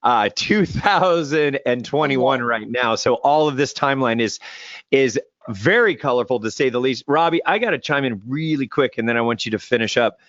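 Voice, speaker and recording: A man's voice: medium pitch, normal speed, a bit bright, no echo, highs cut off. A man co-hosting a podcast, speaking in earnest, emphatic bursts. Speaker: podcast co-host. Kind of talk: casual chat.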